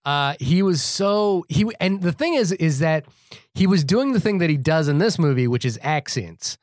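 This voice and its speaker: A man's voice: a little high, animated, normal speed, no echo. Opinionated man, podcast co-host, dry mic. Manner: opinionated, stammers on restarts. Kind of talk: casual movie chat.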